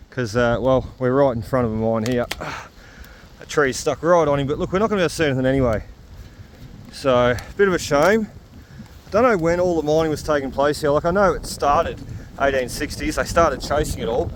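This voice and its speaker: This Australian man's voice sits fairly high, and a little hiss or hum runs under the recording. He's a metal detecting vlogger chatting away to his camera on a rainy hillside, laughing readily in his casual outdoor narration.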